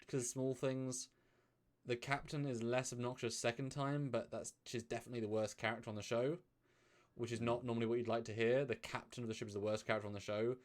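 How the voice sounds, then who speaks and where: A man co-hosting a live review stream, talking casually with lots of fillers and restarts and now and then asking viewers for donations. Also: mid-range voice. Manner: chatty, loose, many fillers and restarts, pleads for donations.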